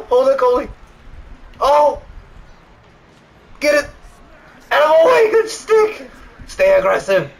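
Man, very high voice, lively swings, excited gamer shouting. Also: slow pace, vocal fry, long pauses, low-quality recording. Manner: shouting and cheering at the game. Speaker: gamer streaming a hockey video game. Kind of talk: excited gaming chat with teammates.

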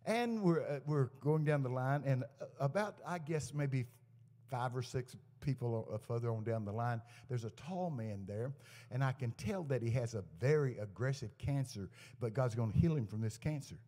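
A man's voice: medium pitch, normal speed. A man preaching a sermon to a live congregation, telling folksy stories and acting out the dialogue in them. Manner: folksy anecdotes with lively quoted dialogue. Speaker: guest preacher. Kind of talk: storytelling sermon. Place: church service to a live congregation. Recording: echoey church hall.

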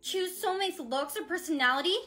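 A woman's voice: very high-pitched, a little fast, sharp tone, faint music behind. A woman telling a storytime in a chatty, dramatic way. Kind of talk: storytime narration.

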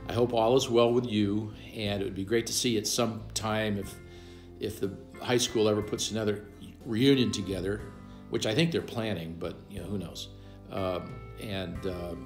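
A man in his sixties gives a casual, rambling birthday greeting with many ums and pauses. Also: on the low side. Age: 60s. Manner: rambling, hesitant, with many fillers. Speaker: old neighbor sending a birthday message.

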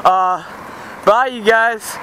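A man's voice: high-pitched, drawn-out words. A young man walking and vlogging outdoors beside a road, joking and rambling in a goofy way, filmed on a handheld camera's built-in mic. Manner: goofy, rambling, yelling at passing cars. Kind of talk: joking walk-and-talk vlog. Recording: outdoor camera audio with loud traffic. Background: passing traffic.

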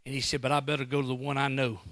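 A man preaching a sermon as a guest pastor in a church, swinging into loud bursts and acting out quotes. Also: mid-range voice, flat delivery, racing, gravelly, dry recording.

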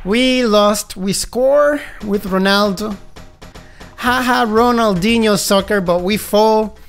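A man giving excitable gameplay commentary as a gaming YouTuber, breaking into high yelps and laughter. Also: slow, clear, resonant tone, faint music behind.

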